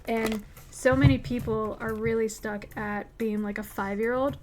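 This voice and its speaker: A woman's voice: a little high, fairly even intonation, moderate pace, darkish tone, slight background noise. A woman hosting a livestream, answering viewer questions in a candid, profane, emphatic way. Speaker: livestream host. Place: home streaming setup.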